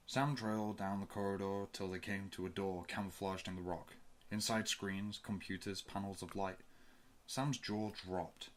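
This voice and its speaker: A man reading a science-fiction audiobook in a low, steady voice. His storytelling is measured and even, pausing between phrases. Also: slight background noise. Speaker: audiobook reader. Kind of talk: fan audiobook narration.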